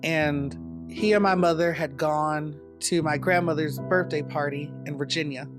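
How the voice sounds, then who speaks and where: Reflective man over soft guitar. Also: on the high side, steady tone. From North Carolina, US. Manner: reflective, measured storytelling. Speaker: dance company founder. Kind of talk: documentary interview storytelling. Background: soft guitar music.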